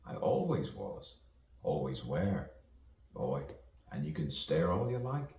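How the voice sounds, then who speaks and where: A man's voice: rumbling low, sing-song, slow, pauses often, a little mellow. A man delivering a rambling, playful spoken-word monologue, free-associating in rhymes and shifting his voice as he goes. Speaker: self-styled poet and performer. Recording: roomy echo, distant from the mic, faint ambience.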